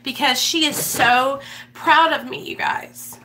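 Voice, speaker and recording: A woman's voice: high voice, steady tone, slow, sharp tone, a little hiss or hum. A young woman, talking bluntly and emphatically in a casual motivational vlog, swearing and repeating herself for emphasis. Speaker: recovery vlogger.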